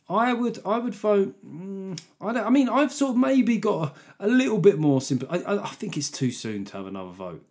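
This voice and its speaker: A man's voice: medium pitch, darkish tone. A man hosting a solo podcast, rambling through jokey, sarcastic tangents and laughing at his own asides. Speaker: podcast host. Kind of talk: casual solo podcast monologue.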